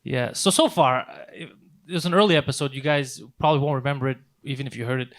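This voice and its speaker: A man co-hosting a comedy podcast, telling a story in a casual, animated way with plenty of swearing. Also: medium pitch, fast talker. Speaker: podcast co-host.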